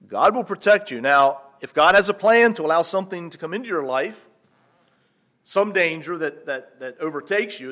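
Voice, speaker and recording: American preacher guy, high voice, bit of south african english creeping into his accent, chatty sermon that gets fired up, keeps asking the folks questions. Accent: American, slightly mixed with South African English. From Pennsylvania, USA. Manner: conversational, rising to animated emphasis, asks the congregation questions. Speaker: missionary preacher.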